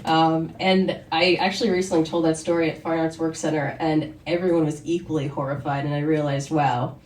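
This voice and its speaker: A woman's voice: low-pitched, level tone, a little fast, darkish tone. A woman telling a candid personal story on stage at a live story night, chatty and wry. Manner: candid, conversational, with wry asides. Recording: roomy, distant live recording.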